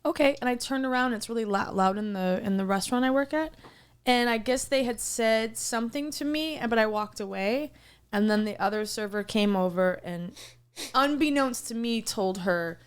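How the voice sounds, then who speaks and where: A woman's voice: fairly high pitch, normal speed, clean tone. A woman co-hosting a podcast, chatting casually and acting out the people in her story. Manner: animated storyteller, acts out quoted voices. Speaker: podcast co-host. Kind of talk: casual chat.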